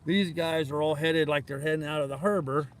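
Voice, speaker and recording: A man's voice: a little high, steady tone, brisk, slight background noise. Chatty older man on a boat. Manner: chatty, easygoing, laughs often. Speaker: host. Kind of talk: casual live-stream chat. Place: outdoors on a boat in a harbor. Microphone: handheld camera or tablet.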